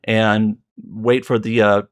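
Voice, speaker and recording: A man's voice: lowish voice, flat delivery, takes it slowly, smooth. A man co-hosting a casual podcast, rambling through his account with many fillers and self-corrections. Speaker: podcast co-host.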